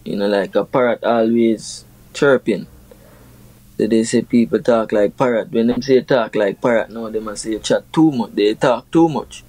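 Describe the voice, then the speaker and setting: A man's voice: on the low side, normal speed, darkish tone, low-quality recording. A young Jamaican man, a reggae artist, chatting casually in an interview and explaining his lyrics through proverbs with many "you know"s.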